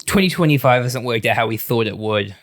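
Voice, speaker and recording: Brief: New host, mid pitch, dry sound, loose and inquisitive. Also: male voice, lively intonation, brisk, dry recording. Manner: chatty, inquisitive, loose with fillers. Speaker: podcast host. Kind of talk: casual chat.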